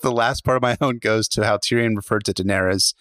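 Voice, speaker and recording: A man's voice: on the low side, fairly even intonation, quick pace, a bit bright, dry recording. A man co-hosting a casual podcast, reading listener messages aloud and laughing along. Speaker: podcast co-host.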